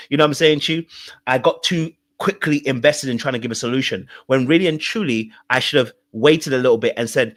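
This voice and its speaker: Male relationship coach, mid pitch, emphatic, repeats key points, keeps asking "okay?" to the chat. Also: quick pace, a bit bright. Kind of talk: live-stream coaching talk, answering chat.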